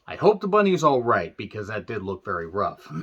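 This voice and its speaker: A tired man recapping a wrestling show in a casual solo review, rambling with fillers, wry asides and frequent throat-clearing. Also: on the low side, huge pitch swings, moderate pace, a bit bright, lo-fi sound.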